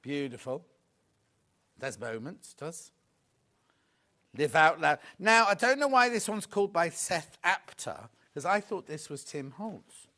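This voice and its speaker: A man's voice: fairly high pitch, sing-song, measured pace, bright, forceful tone. A man presenting a live home shopping show in a TV studio, chatting and gushing over the products.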